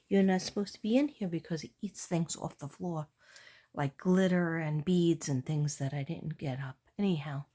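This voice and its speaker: Slow, low-voiced woman chatting at night. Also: a little mellow. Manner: slow, meandering, many pauses and fillers. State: tired. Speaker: artist showing her work. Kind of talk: casual late-night vlog chat.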